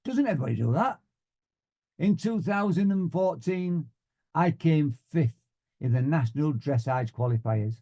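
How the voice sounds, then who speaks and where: Brief: Yorkshire man, motivational speaker, deadpan self-mocking humour, mellow voice. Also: a little high, moderate pace. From Yorkshire, England. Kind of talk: humorous motivational talk.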